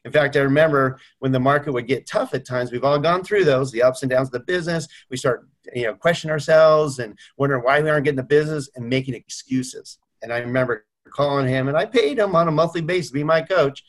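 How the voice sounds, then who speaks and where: A man's voice: mid-range voice, fast, few pauses. A middle-aged man on a video call, telling heartfelt stories about his mentor and acting out quoted voices. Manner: earnest storytelling, acts out quoted voices. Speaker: mortgage company owner. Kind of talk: video call tribute chat.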